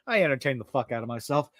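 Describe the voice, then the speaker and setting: A man's voice: medium pitch, huge pitch swings, a little fast, a bit bright, no room sound, studio quality. A man hosting a live-stream podcast, ranting about a show with heavy swearing and exasperation. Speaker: podcast host.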